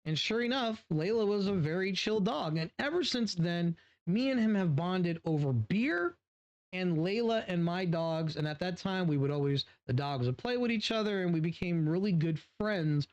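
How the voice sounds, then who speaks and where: A man's voice: sits high, lively intonation, normal speed. Rambling, profane man telling a story. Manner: rambling, profane, restarts often. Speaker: beer reviewer. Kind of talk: casual storytelling vlog. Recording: dull lo-fi sound.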